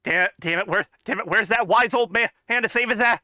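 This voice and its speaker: Bright sharp voice, hyped co-host yelling at the movie, dry close sound. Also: mid-range voice, fairly quick, no echo. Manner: excitable, repeats words, talks at the screen. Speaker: podcast co-host riffing a film. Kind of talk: casual movie commentary.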